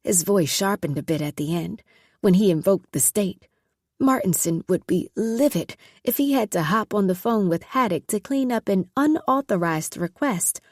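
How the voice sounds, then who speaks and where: A woman narrating a story in a measured, scripted audiobook reading. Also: mid-range voice, expressive, no echo, clean studio sound.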